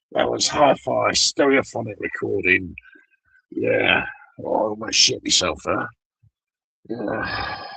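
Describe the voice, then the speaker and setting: A man's voice: medium pitch, gravelly, sharp tone, husky, no echo, low-quality recording. A British man streaming live, rambling through crude, profane stories in casual chat.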